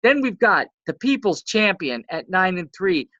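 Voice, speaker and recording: A woman's voice: on the low side, normal speed, no echo. A woman co-hosting a casual podcast, running through league standings. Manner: rundown of standings with lively ups and downs. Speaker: co-host. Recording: dry, dull lo-fi audio.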